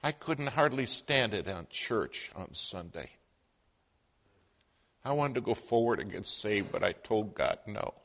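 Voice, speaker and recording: A man voicing a teary-eyed truck driver, making a quiet, choked-up confession in a sermon story. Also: lowish voice, sing-song, unhurried, gravelly, heavily acted.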